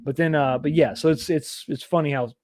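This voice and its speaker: A man's voice: on the high side, steady tone, a little fast, darkish tone, dry recording, studio quality. A middle-aged man from East Texas, rambling casually as he reads viewer comments on a live stream, with self-deprecating asides. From East Texas, USA. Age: 40s or 50s.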